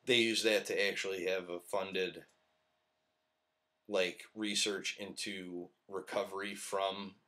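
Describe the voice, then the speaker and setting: A man's voice: fairly low pitch, fairly bright tone. A man hosting a podcast, telling a long story in casual chat, rambling and swearing with frequent laughs. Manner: profane, rambling, laughs often. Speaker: podcast host. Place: live-streamed podcast.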